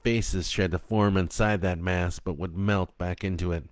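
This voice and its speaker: A man narrating a dark story in a slow, even, low-key reading voice. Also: dry recording.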